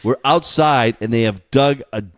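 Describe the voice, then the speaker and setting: A man co-hosting a podcast, telling work anecdotes in a casual, animated way and laughing as he goes. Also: medium pitch, moderate pace. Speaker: podcast co-host. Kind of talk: casual storytelling.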